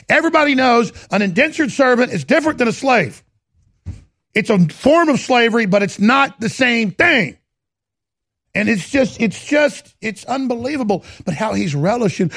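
A male host delivering indignant, rambling political commentary that breaks into shouts at times. His voice is fairly high for a man. It is gravelly and rough, with a husky edge. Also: lively intonation, a little fast, dry recording, studio quality.

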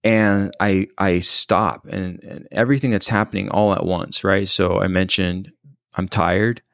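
A man shares a personal experience in a very low voice laced with gravelly fry, a bit bright and fairly even in intonation. He pauses and restarts often, sounding thoughtful and hesitant, and the dry, close recording carries no room sound.

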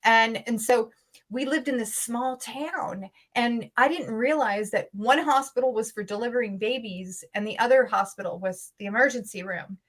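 A woman's voice: fairly high pitch, normal speed. A woman guest in an interview recounting a personal story earnestly and urgently, with frequent restarts. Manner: emotional, intense storytelling.

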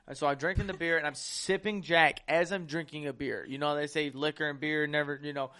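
A man's voice: on the high side, fairly even intonation, fairly quick, pushed and bright. A young man hosting a casual podcast, telling a rowdy, profane story and acting out the quotes. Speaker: podcast host. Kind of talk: casual chat.

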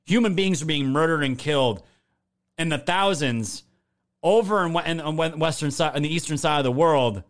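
A man doing angry, profane, sarcastic video commentary as a political commentator. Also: a little high.

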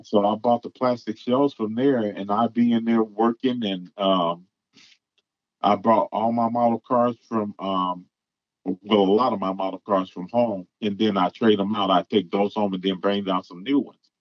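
A man's voice: on the low side, fairly even intonation, dry recording. A man tells a story casually, stopping and restarting with plenty of ums. The sound is dry and close. The recording is dull and lo-fi. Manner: halting, with many ums and restarts. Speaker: guest telling a story.

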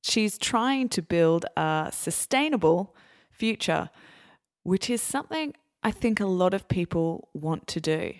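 Slow, dry-voiced Australian woman host. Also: on the low side, lively intonation, dry recording. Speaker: podcast host. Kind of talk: podcast intro and interviewing.

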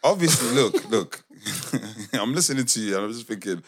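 A young man co-hosting a podcast, talking in a relaxed way and dropping "innit" and "yeah" into his sentences. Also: mid-range voice, moderate pace. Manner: relaxed and conversational, fills speech with "innit" and "yeah". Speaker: podcast co-host. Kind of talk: casual chat.

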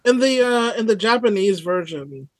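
A woman in casual conversation, adding slow, measured remarks. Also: medium pitch, animated, no echo. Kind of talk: casual chat.

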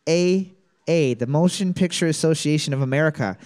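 Trivia host, male, higher register, reads questions twice, jokes in between. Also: brisk, darkish tone. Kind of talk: comedic trivia podcast banter.

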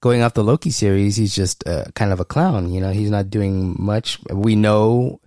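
A man co-hosting a podcast in casual chat, animated, with his voice jumping high whenever he quotes someone. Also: normal speed, no echo, studio quality. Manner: animated, jumps high when quoting people. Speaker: podcast co-host.

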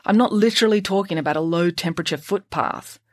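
A woman reading aloud, voicing a clever, deadpan teenage girl who speaks precisely and matter-of-factly. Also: fairly low pitch, quick pace, dry recording, lightly acted. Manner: precise, dry, matter-of-fact.

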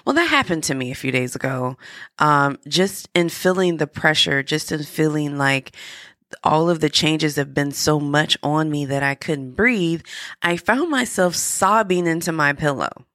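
A woman's voice: sits low, expressive, a little slow, a bit bright, dry recording, studio quality. A woman hosting a podcast, talking candidly and encouragingly straight to her listeners. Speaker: podcast host. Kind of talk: motivational podcast monologue.

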